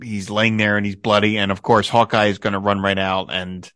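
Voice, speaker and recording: Male podcast host, bright and forceful tone, dry close mic, eager recapper. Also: lowish voice, a little fast, smooth, no room sound. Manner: enthusiastic, quotes dialogue in animated bursts. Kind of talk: casual podcast discussion.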